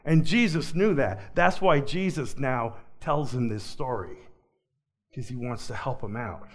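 A man preaching a sermon, swinging from loud emphatic peaks to soft, low asides, with a chuckle now and then. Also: measured pace.

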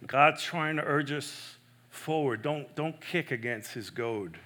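A man preaching a sermon in an earnest, emphatic way. He swings between loud stresses and soft, hushed asides. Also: mid-range voice, slow. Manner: self-correcting, personal and earnest.

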